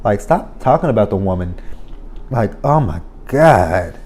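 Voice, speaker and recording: A man's voice: lowish voice, big pitch swings, unhurried, darkish tone, slightly rough. A man giving a casual spoken recap of a reality show, blunt and profane, ranting with exasperation.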